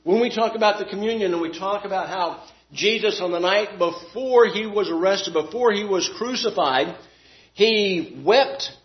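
A man preaching a sermon, asking rhetorical questions and swinging between loud emphatic lines and quiet ones. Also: high-pitched, moderate pace. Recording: dull lo-fi sound.

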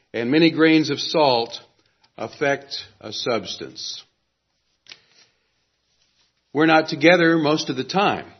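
A man preaching a sermon in an earnest, emphatic way, pausing dramatically on key words. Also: a little high, breathy edge. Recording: dull lo-fi recording.

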